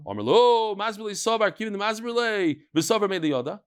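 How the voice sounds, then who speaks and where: A man giving an animated Talmud lecture, telling stories and mixing Aramaic phrases into his English. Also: high-pitched, fast, hardly any pauses. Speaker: Talmud teacher.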